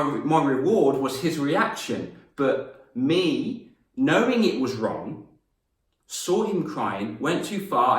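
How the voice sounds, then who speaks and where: Animated man telling classroom stories. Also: medium pitch, recorded from a distance. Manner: animated, laughs at his own stories, acts out voices. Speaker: confidence coach and former teacher. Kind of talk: storytelling lesson to camera. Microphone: camera mic. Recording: roomy echo, mic set back.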